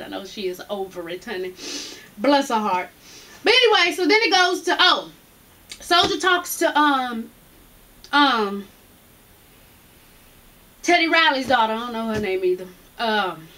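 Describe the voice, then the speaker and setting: A woman's voice: high-pitched, big pitch swings, unhurried, pauses often, bright, forceful tone. A young woman recapping reality TV in a brash, profane, gossipy way, laughing often. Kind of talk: casual gossip review.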